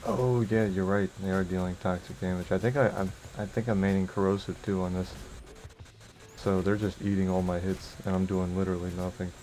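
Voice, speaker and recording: A gaming streamer chats casually during a live game, his low, level voice brisk and a little mellow. He rambles loosely, full of fillers like "like" and "bro," and chuckles often. The recording is rough, with a little hiss or hum.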